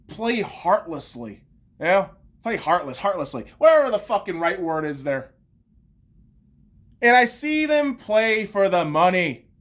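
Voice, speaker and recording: A woman in her thirties hosts a podcast and launches into a profane sports rant. Her voice sits at an ordinary pitch but swings widely up and down as she vents. Her delivery is heated and sarcastic throughout. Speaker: podcast host.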